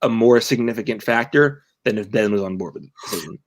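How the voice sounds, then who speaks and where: A man's voice: lowish voice, fast. A young man co-hosting a sports podcast, talking casually and rambling through many restarts and fillers. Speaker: podcast co-host and team writer.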